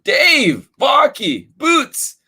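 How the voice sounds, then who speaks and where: An eager, earnest little boy from a read-aloud picture book, as a man puts him on. He talks in a bright, raised childlike voice that swings widely up and down, and he keeps the slow storybook pace. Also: on the high side, wildly swooping pitch, voice pushed up, heavily acted. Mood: shouting.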